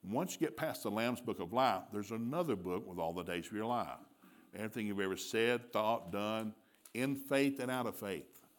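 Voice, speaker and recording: A male preacher giving a sermon with animated storytelling, laughing often and acting out dialogue. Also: on the low side, moderate pace.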